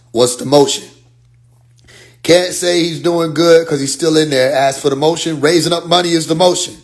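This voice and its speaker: A man telling a story on a phone livestream in a casual, emphatic rant, sometimes muttering to himself. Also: a little high. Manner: emphatic, drops to muttering while searching his phone. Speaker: livestream host.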